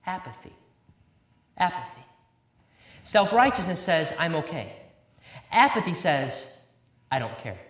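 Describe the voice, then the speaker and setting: A man's voice: on the high side, very animated, unhurried, pauses often, fairly bright tone. A man preaching a sermon with emphasis, repeating key words and quoting scripture in old-fashioned wording. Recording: roomy echo.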